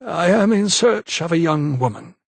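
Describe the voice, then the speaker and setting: A man's voice: on the high side, big pitch swings, normal speed, creaky, dry recording, pitched above the performer's own voice, full character voice. A man voicing a stiffly formal little notary who is easily affronted. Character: prim, supercilious little male notary.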